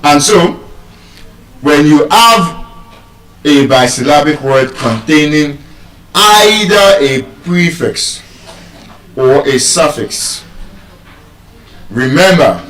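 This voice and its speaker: A man giving a live lesson on word stress, deliberate and teacherly, repeating key terms. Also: a little high, expressive, fairly bright tone. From Nigeria. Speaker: English language teacher. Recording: roomy sound, mic far off.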